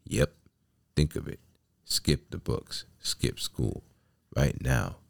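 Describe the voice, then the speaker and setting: A sly storybook coachman, as a man puts him on, smooth-talking and coaxing. The voice is very deep, slow and gravelly, with a dark, dry sound. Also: sing-song, dry recording, heavily acted. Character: sly male coachman luring a boy.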